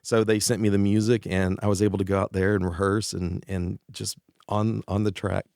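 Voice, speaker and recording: Low male guest, chatty storyteller, acts out quotes, dry close mic. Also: normal speed, gravelly, no echo. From East Tennessee. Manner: animated anecdotes with laughs and quoted voices. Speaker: guest musician. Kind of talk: casual interview storytelling.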